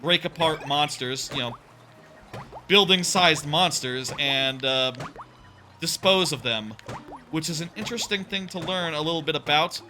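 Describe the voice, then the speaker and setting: A man's voice: on the high side, unhurried, bright, forceful tone. A young man hosting a casual let's play, rambling and chatty and swearing freely. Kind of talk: casual gaming commentary. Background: faint game music.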